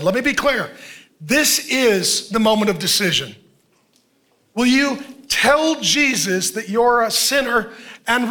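A man's voice: very high-pitched, pushed and bright. A male pastor preaching a sermon with impassioned, urgent pleading.

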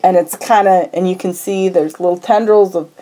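A woman's voice: on the low side, normal speed. A woman co-hosting a podcast, animatedly recapping a movie plot in casual chat and laughing often. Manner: lively storyteller who jumps into characters' voices and laughs often. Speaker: podcast co-host.

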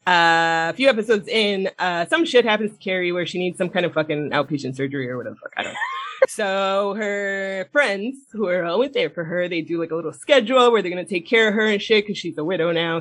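A woman co-hosting a casual podcast, recapping a TV episode in a blunt, animated way, swearing a lot and laughing as she talks. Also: lowish voice. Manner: laughs often mid-sentence. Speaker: podcast co-host. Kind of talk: casual chat, retelling a TV episode.

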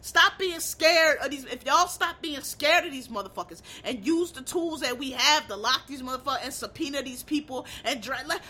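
A high-pitched American woman with a sharp, bright tone lets loose in a casual rant. She is blunt and heated and swears freely as she talks. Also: normal speed, few pauses. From United States.

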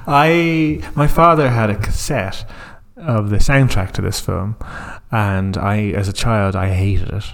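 Low-voiced guy rambling about an old movie, laughs a lot, keeps restarting. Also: slow, vocal fry. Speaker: podcast co-host. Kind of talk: casual film chat.

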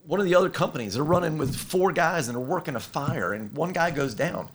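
A man's voice: fairly high pitch, fairly quick. A man in casual conversation, telling stories and acting out the voices of the people in them. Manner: animated storyteller who acts out quoted voices. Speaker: inventor of a firefighter rescue board.

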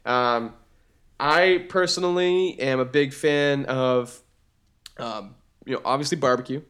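A man's voice: mid-range voice, a little slow, smooth. A young man with a Boston accent, co-hosting a podcast, chatting casually and rambling with plenty of fillers. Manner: animated, rambling, lots of fillers. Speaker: podcast co-host. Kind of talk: casual chat.

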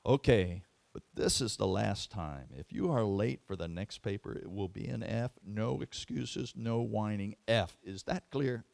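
A man's voice: on the low side, unhurried, gravelly, hardly any pauses, a little mellow, no room sound. A man playing a stern strict professor. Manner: firm, clipped and stern. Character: stern older male professor, strict and firm.

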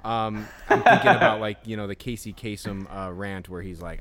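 A man co-hosting a casual podcast, rambling in halting bursts, swearing freely and laughing often. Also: fairly low pitch, lively intonation, fairly bright tone. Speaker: podcast co-host. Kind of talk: casual chat.

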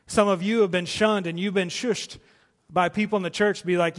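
A man's voice: high-pitched, brisk. Impassioned male pastor in a reverberant hall. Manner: impassioned preaching, rising to emphatic peaks and dropping to soft pleas. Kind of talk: sermon. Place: church auditorium.

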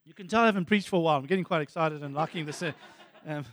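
A man preaching a sermon as pastor, animated and excitable, dropping to soft asides at times. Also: fairly high pitch, very fast, no room sound, long reverb tail.

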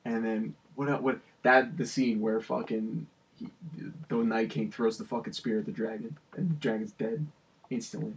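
A young man in casual chat with a husky voice, laughing often, swearing a lot and rambling. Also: fairly low pitch, fairly even intonation, normal speed. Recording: voice a bit far from the mic.

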